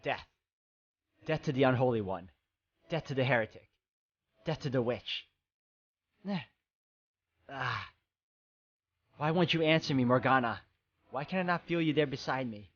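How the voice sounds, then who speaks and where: A man voicing a gentle, persecuted young man in a video game, reading formally and slowly. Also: mid-range voice, animated. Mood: desperate. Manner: slow, solemn, formal reading. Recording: slightly dull, muffled sound.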